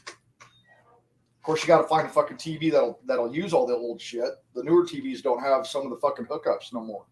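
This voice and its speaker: A man's voice: mid-range voice, brisk, darkish tone. A man in his forties chatting casually to viewers on a livestream, rambling and swearing constantly. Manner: rambling, addresses viewers directly. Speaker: live streamer.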